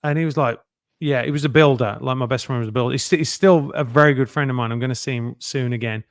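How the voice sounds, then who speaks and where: A middle-aged man, a guest telling lively anecdotes and acting out other people's lines in a casual interview. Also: mid-range voice, fast, no echo, studio quality. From England.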